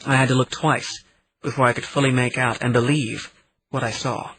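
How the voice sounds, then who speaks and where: A man reads a novel aloud in the first person, steady and measured. His voice sits at a middle pitch with a husky, breathy grain. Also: low-quality recording. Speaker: audiobook narrator.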